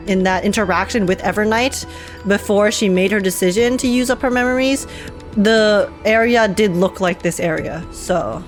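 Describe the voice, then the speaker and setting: A young woman streaming her reaction to a game, excitable and quick, theorizing aloud in casual chat. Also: mid-range voice.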